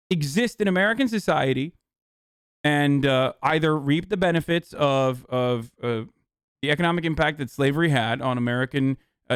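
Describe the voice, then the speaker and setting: A man's voice: a little high, smooth, no echo, clean studio sound. A man streaming political commentary in a heated, exasperated, profane rant, restarting sentences as he goes.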